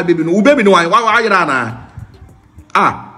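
A man with a Ghanaian accent preaching a comic sermon, jumping between singing, mimicry and shouting. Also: high voice, animated, fairly quick, faint music behind.

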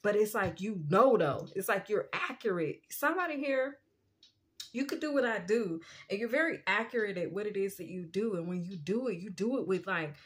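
A woman giving a casual spiritual tarot reading, chatty and quick to laugh, often asking "you know what I'm saying". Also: medium pitch, lively intonation. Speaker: tarot reader.

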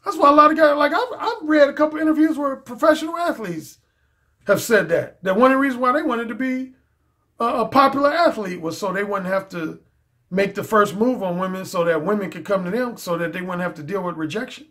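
A male dating coach talking straight to camera in a casual monologue. His voice sits fairly high for a man, and he hammers his points home emphatically, repeating phrases in relaxed slang. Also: brisk.

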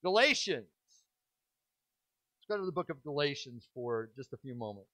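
A middle-aged man preaching a sermon as pastor, stressing key words with slow stretched phrases and pauses, then slipping into quick, self-mocking asides. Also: mid-range voice, sing-song, bright, forceful tone, dry recording. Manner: drops into quick asides and self-deprecating humor.

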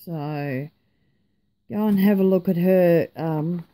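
Tired woman vlogger, chatty and rambling, slow and mellow, lowish voice. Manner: chatty, rambling, self-mocking. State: tired, yawning. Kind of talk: casual chat.

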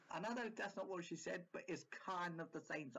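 A man's voice: high-pitched, a bit bright, a little hiss or hum, low-quality recording. A man hosting a reaction video who rambles and sounds exasperated, with jumpy restarts. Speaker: reaction channel host. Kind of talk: reaction commentary.

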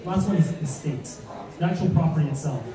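A man giving an animated real estate seminar with slides, asking the audience rhetorical questions and acting out mock panic. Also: on the high side, fairly quick, crowd noise. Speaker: real estate investing speaker. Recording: echoey room, distant mic, audience.

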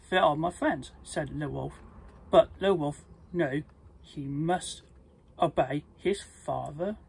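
Slow, husky storybook reader. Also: medium pitch, a little mellow, poor audio. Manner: slow, plain reading with stumbles and restarts. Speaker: storybook reader, channel host. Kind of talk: reading a children's storybook aloud.

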